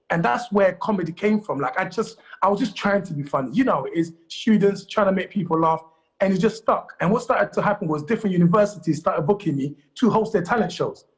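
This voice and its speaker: A man from Congo, a guest comedian, talks in a studio interview. His voice sits fairly high and his pace is very quick. He tells lively anecdotes in a casual way.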